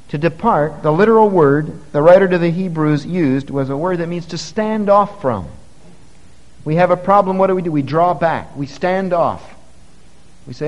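Male pastor, slightly high voice, earnest sermon with forceful peaks, church reverb. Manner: earnest preaching, rising to forceful emphasis. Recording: long reverb of a church hall.

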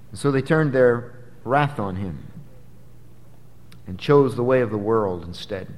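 A man preaching an expository sermon, emphatic, swinging from loud dramatic peaks to low, quiet drops. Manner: emphatic, dramatic rises and drops in pitch and volume. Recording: long hall reverb.

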